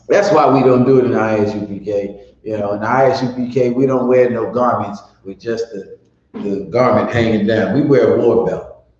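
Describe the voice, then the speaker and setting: A man's voice: medium pitch, darkish tone. A man leading a class in a blunt, profane, rambling way. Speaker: teacher. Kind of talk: casual spoken class. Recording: echoey room, dull lo-fi sound.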